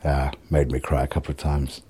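Very deep, husky rambling man. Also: level tone, brisk, dark tone. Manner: rambling, self-mocking, sweary. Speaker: vlogger. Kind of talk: casual solo video diary.

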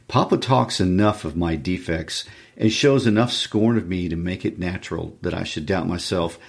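A man with a low voice reading a sickly, spoiled teenage boy in a whiny, taunting, drawn-out way. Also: gravelly. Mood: self-pitying.

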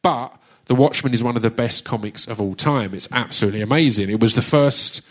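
Man with an Essex accent, casual stage chat, jokey and loose, drops the odd swear, keeps restarting sentences, mid-pitched voice, live audience Q&A. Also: fairly quick. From Essex, England. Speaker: performer hosting an audience Q&A. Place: theatre stage at a live book launch.

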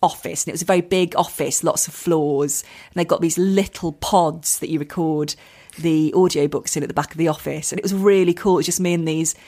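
An Englishwoman in her forties, a comedian and author, chats casually as a guest on a podcast, often laughing and making fun of herself. Her voice is low and dark, a bit quick, with fairly level intonation.

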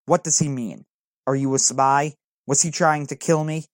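A man's voice: on the high side, fairly even intonation, moderate pace, no room sound, clean studio sound, lightly acted. A man voicing an alarmed, suspicious Hessian soldier with a thick German accent in a storybook reading.

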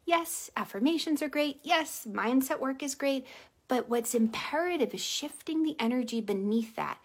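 A woman hosting a casual motivational livestream, telling stories animatedly and dropping to a soft hush on key points. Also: high-pitched, moderate pace. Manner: animated storytelling with acted-out quotes. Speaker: live stream host, empath coach.

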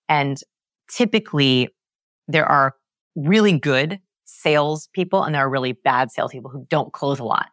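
A woman guest on a podcast, explaining research with emphatic, animated storytelling and big pitch swings. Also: dry recording, clean studio sound. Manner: lively, emphatic, swings pitch high to act out examples.

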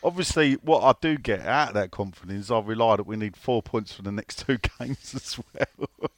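A man's voice: fairly low pitch, normal speed, dry recording. A man co-hosting a casual football podcast, rambling through stories, swearing freely and reading out listener questions. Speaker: podcast co-host.

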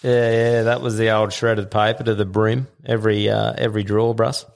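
A young man with a fairly low voice hosts a loose podcast chat among mates. He is laid-back and swears freely. He laughs often as he trades work stories. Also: level tone, fairly quick, creaky. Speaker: podcast host. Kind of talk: casual chat.

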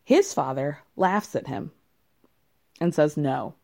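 A woman's voice: low-pitched, animated, slow pace, a little mellow. A young woman in casual recap commentary, wry and amused, often breaking into laughter as she talks. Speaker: reality show recapper.

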